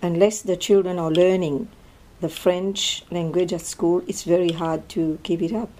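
A woman's voice: on the low side, fairly even intonation, moderate pace, warm tone, slight background noise. An older woman, answering interview questions in a thoughtful, hesitant way with frequent fillers. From Mauritius.

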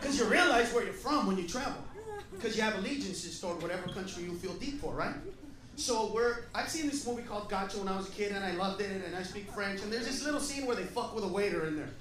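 A man doing a brash, profane stand-up comedy set, acting out characters with shouted voices, in a club with a laughing audience. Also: high-pitched, animated, fast talker, crowd noise. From United States. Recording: echoey live club recording from a distance.

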